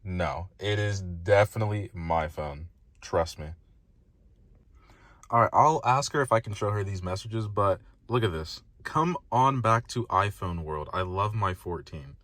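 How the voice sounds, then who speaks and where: A man's voice: deep voice, a little slow, a bit bright, no echo. A man giving a casual tech review, emphatic and frustrated, speaking bluntly.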